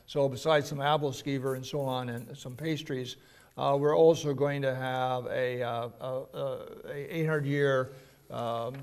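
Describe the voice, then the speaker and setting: A man's voice: medium pitch, fairly even intonation, unhurried, clear, resonant tone. Guy chatting about his festival in an interview, laughs a lot, mid voice. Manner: chatty, explanatory, laughs often. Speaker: festival organizer guest. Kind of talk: casual interview chat.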